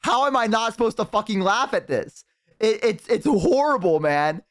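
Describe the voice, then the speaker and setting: A man's voice: sits high, lively intonation, moderate pace. Profane laughing streamer man. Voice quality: profane, laughs hard and loud. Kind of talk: casual storytelling to chat. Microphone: headset.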